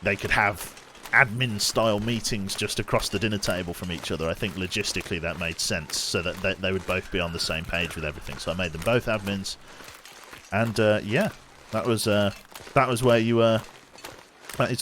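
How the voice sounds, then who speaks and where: A young man talks to his live chat while he plays, his voice sitting low and relaxed. He rambles and corrects himself as he goes, dropping a swear word here and there. A faint hum of background noise sits under his voice. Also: a little fast. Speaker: game streamer. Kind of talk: casual live-stream chat while gaming.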